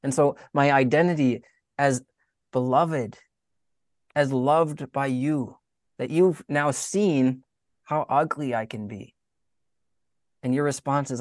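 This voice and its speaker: A man talks through a spiritual reflection in an earnest, conversational way, at a middle pitch. The recording is dry and close, with no room echo. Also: takes it slowly, pauses often. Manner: earnest, conversational, with soft laughs. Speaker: speaker giving faith reflections.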